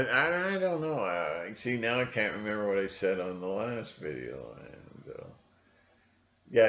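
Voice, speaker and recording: A middle-aged man rambling through a monologue, repeating himself and now and then mimicking others. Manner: meandering, repeats himself, mimics people in shrill voices. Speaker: conspiracy video host. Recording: echoey room, dull lo-fi sound.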